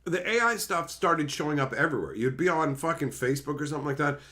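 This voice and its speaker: A man ranting to his stream chat in a sarcastic, foul-mouthed way. His pitch sits a little high and swings widely as he lampoons people he dislikes. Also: expressive, fast, pushed and bright. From Canada. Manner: profane, sarcastic, mocks others in put-on voices. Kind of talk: casual rant to chat.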